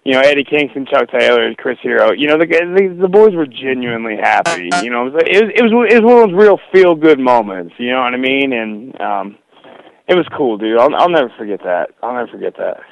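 A man's voice: medium pitch, expressive, brisk, vocal fry, dry recording, lo-fi sound. A young man, a wrestler guest, telling stories in a casual interview, rambling with lots of fillers and "dude".

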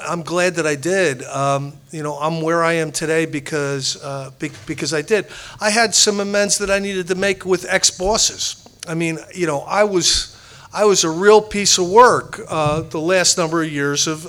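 A man's voice: a little high, a bit bright. A man sharing his personal recovery story with a meeting group, rambling and self-deprecating, with frequent restarts.

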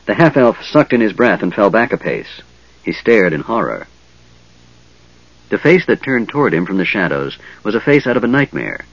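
A man narrating a fantasy novel in a dramatic, expressive reading. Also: lowish voice, moderate pace, dry recording, highs cut off. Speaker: audiobook narrator.

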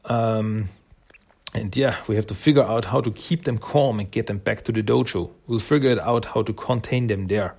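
A man's voice: lowish voice, normal speed, creaky, darkish tone, husky. A man casually recapping a comic book's story, rambling with many fillers and acting out the characters' lines. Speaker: comic book reviewer.

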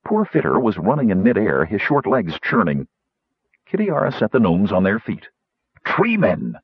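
A man reading a fantasy novel aloud in measured storytelling narration. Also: fairly low pitch, very animated, husky, no echo, highs cut off. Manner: measured storytelling, shifting into character voices. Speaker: audiobook narrator.

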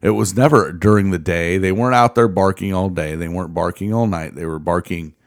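A man's voice: low voice, brisk. A man in his thirties telling heated, profanity-laden stories in casual chat.

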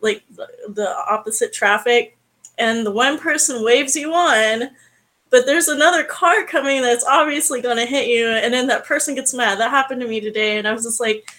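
A giggly woman with a high, bright voice tells a story in casual chat. She hesitates a bit as she goes, with fillers. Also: normal speed, poor audio.

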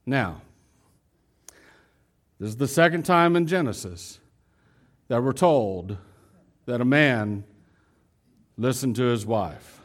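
A male pastor preaching a sermon, animated and talking straight to his congregation. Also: medium pitch, slow, long pauses. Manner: animated, acts out dialogue; addresses congregation directly.

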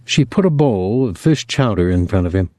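A man narrating a novel in a measured, even manner. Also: deep voice, no echo. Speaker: audiobook narrator.

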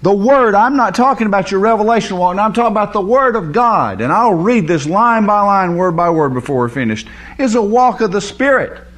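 Guy preaching a bible lesson, high voice that swings up and down a lot, hammers words over and over. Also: expressive, brisk, few pauses, fairly bright tone. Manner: emphatic, repeats words for stress. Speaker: Bible teacher. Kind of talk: teaching sermon.

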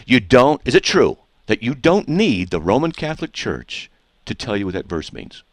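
A man's voice: medium pitch, very animated, normal speed, dry recording. Pressing, insistent male radio host. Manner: pressing, interrupting, repeats questions. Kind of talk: call-in apologetics debate.

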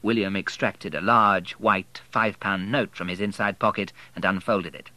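A man narrating an audiobook in a measured, expressive way. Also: deep voice, dry recording, poor audio.

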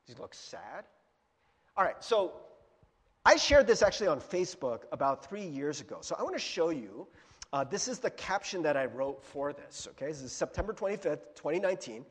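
In a church hall with a projector, a pastor gives a conversational sermon, asking his small audience questions and laughing often. His voice is a little high and breathy-edged, with big pitch swings and a fairly quick pace, and the sound is big-room.

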